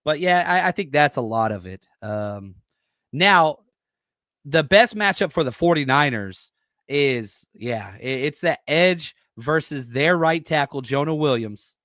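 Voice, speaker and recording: A man's voice: on the high side, animated, unhurried, dry recording. Fired-up man with a dry close voice. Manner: blunt, salty, gets loud and fired up. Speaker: podcast host and former coach. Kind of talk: casual solo football preview reading live chat.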